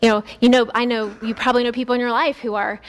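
A woman's voice: fairly high pitch, little pitch movement, fast talker. A woman pastor preaching a sermon in an earnest, conversational way, often restarting her sentences.

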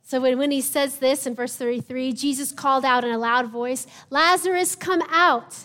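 A woman pastor delivers a sermon in a high, bright-pitched voice. She tells the story in a conversational way and slips into the voices of the people in it. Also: little pitch movement, a little fast.

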